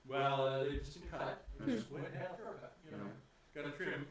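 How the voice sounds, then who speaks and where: A man's voice: on the high side, fairly quick, very echoey, recorded from a distance. A man narrating as game master of a tabletop game, rambling with many fillers.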